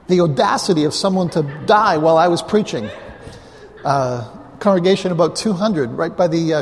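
A man's voice: on the high side, darkish tone. A man, a pastor, telling a story in a conversational sermon with asides to the congregation, on a clip-on mic. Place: church hall, live before a congregation. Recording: long reverb of a large hall.

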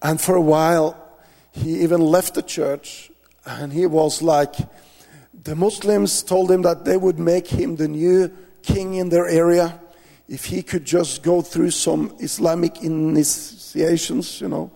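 Slow, gravelly preacher in a hall. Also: male voice, a little high, little pitch movement, warm tone. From Norway. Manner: earnest storytelling with many restarts. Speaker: missionary preacher. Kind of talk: testimony in a church talk.

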